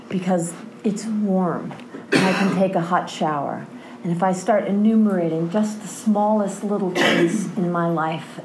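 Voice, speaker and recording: Against a noisy background, a low-voiced woman gives an impassioned testimony about her recovery. She speaks earnestly and keeps checking in with a questioning "right?"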